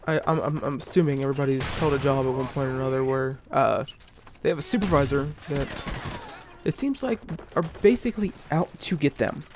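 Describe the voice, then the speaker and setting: Over game footage with gunfire in the background, a young man who makes gaming videos rambles through a story, cursing, venting, restarting, and leaning on fillers. He speaks a little fast in a medium-pitched voice against a noisy backdrop.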